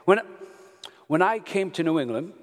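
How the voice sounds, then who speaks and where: A man preaching a sermon, animated, telling stories and breaking into loud outbursts. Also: sits high, normal speed. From Brooklyn, New York. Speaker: pastor. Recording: long hall reverb.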